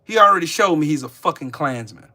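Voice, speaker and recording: A man's voice: fairly high pitch, lively intonation, fast talker, sharp tone. A man hosting a live stream, ranting angrily and cursing as he talks back to his chat. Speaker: livestream host. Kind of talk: angry live-stream rant.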